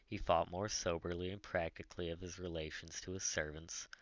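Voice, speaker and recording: A man reading a classic novel aloud as an audiobook narrator, slow and measured. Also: sits low, fairly bright tone, dry recording. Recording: dull lo-fi dry recording.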